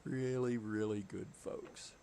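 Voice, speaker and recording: Middle-aged Southern US man, gravelly, chatty game streamer who chuckles a lot. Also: lowish voice, steady tone, slow pace, dark tone, a little hiss or hum. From southeastern United States. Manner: chatty storyteller, chuckles often. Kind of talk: casual chat while gaming.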